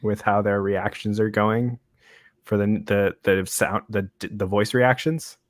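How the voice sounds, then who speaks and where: A man co-hosting a casual podcast, speaking quietly and hesitantly over a computer mic on a call. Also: on the low side, steady tone, a little slow, no room sound, clean studio sound. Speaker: podcast co-host. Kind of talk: casual chat.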